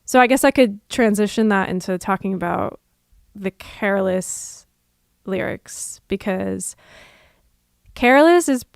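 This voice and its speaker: Young woman, musician on a livestream, slow reflective talk, vocal fry, dry close sound. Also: medium pitch, animated, dry recording. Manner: reflective, unhurried, many fillers and soft laughs. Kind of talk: casual livestream chat.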